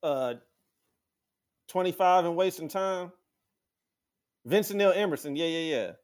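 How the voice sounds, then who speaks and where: A man with a slightly high voice tells a story in loose, profane podcast chat. He acts out other people's lines, jumping up into a much higher voice for the quotes. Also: a little slow. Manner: animated, acts out quotes with sudden high-pitched voices, swears freely.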